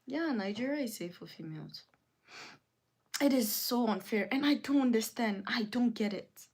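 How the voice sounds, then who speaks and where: A young adult woman hosting a casual livestream, reading viewers' comments aloud and ranting indignantly with sudden jumps in pitch. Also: animated, normal speed, a little mellow, slightly rough. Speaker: livestream host.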